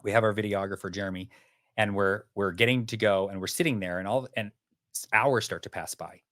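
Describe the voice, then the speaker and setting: A man telling a vivid story as a podcast guest, lively and animated. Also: fairly low pitch, fairly quick, no room sound, studio quality. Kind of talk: storytelling in an interview.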